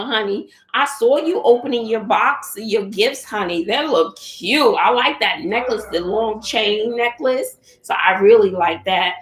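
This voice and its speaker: A woman's voice: fairly high pitch, measured pace, few pauses, roomy sound. A middle-aged woman, chatting casually with viewers live from home, laughing often and calling them honey and child. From Texas. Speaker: channel host doing a live chat. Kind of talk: casual livestream chat. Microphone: phone or computer.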